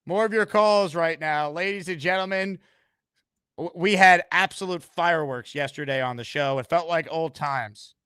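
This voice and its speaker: Male call-in host, bright forceful voice, dry close sound, likes to tease. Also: on the high side, moderate pace, clear, resonant tone, no echo. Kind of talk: live call-in show.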